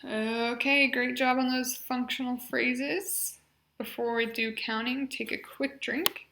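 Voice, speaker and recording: A young woman leading a speech exercise class, encouraging and modeling loud, drawn-out vowels and short phrases. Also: fairly high pitch, steady tone, echoey room. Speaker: speech therapy exercise leader.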